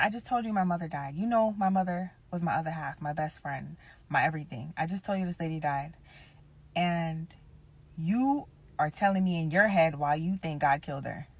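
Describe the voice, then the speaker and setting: A woman's voice: fairly low pitch, breathy edge. Blunt, frank woman in her thirties. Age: 30s. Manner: candid, blunt and emphatic, swears freely and speaks straight to viewers. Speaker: vlogger telling a personal story. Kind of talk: casual storytelling to camera.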